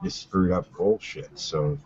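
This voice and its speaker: A man in casual livestream chat, low-key and mumbling, over lo-fi stream audio. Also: unhurried, noisy background.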